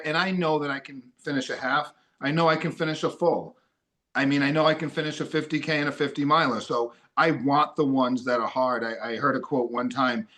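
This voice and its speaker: A man chatting on a podcast in an upbeat, excitable way, now and then breaking into loud cheering. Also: medium pitch. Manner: upbeat, excitable, bursts into loud cheering when quoting himself. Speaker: guest runner. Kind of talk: casual podcast chat.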